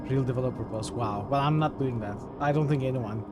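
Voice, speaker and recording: A man's voice: mid-range voice, fairly quick, over loud music. A man streaming a video game, making wry, joking asides as he plays. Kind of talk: casual game commentary.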